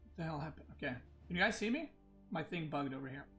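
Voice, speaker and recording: A man's voice: fairly high pitch, expressive, quick pace, a bit bright, soft background music. Agitated man ranting on a livestream. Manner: agitated, ranting, frequent restarts. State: upset. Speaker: esports player and streamer. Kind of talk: livestream rant.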